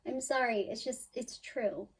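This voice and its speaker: A woman gives a spiritual tarot reading, speaking directly to her listener in an emphatic yet soothing manner, sighing and quoting worries. Her voice is a little high with a breathy edge, and she keeps a measured pace. The audio quality is poor.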